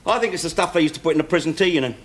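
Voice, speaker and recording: A man's voice: on the high side, expressive, very noisy, close to an everyday voice. A man playing a sardonic middle-aged ex-con. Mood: cheeky. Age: 40s. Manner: sardonic, teasing, quick with jokes. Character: wry middle-aged male ex-con, cheeky joker. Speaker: ex-convict father going straight. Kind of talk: 1970s British sitcom acting.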